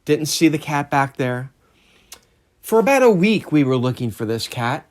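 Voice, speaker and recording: A man's voice: on the high side, big pitch swings, moderate pace. Middle-aged man telling a rambling story. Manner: rambling, conversational, many fillers and restarts. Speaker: art channel host. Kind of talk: casual storytelling while drawing.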